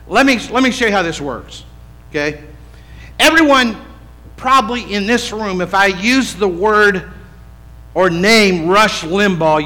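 A man preaching to his congregation with a bright, forceful, fairly high voice. He talks conversationally and checks in with the room, then drops to a hush and rises again for emphasis. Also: low-quality recording. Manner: conversational, swings from loud emphatic lines to hushed low ones. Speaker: pastor. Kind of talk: sermon. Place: church.

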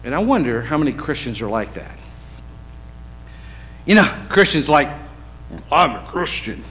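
A man preaching a sermon as pastor in his church, conversational, swinging from loud emphatic lines to hushed, low ones. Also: big pitch swings, normal speed, poor audio.

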